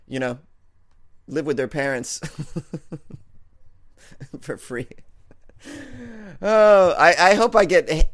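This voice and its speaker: A man running a comedy podcast alone, riffing loosely and laughing at his own jokes between false starts. His voice has an ordinary middle pitch, recorded dry and close with no room sound. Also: dry recording. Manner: rambling, self-amused, full of fillers and restarts. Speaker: podcast host. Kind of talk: casual comedic monologue.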